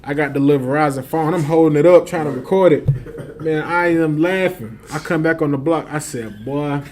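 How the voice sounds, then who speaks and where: A man's voice: on the high side, normal speed, a little mellow. A man telling a long street story in casual slang, laughing often and acting out the other voices.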